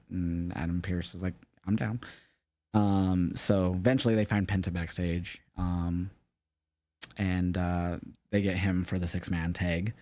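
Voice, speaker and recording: Young male co-host, low-pitched, dry sound; casual, rambling recap delivery that corrects itself. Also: darkish tone, dry recording. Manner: rambling, loose, swears casually, self-correcting. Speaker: podcast co-host. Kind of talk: casual wrestling recap chat.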